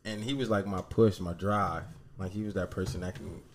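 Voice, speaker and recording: A low, flat-voiced man, telling a story as a podcast guest. He rambles in a relaxed, humble way, with faint noise behind him. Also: normal speed. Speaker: podcast guest, fitness trainer. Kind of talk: casual storytelling.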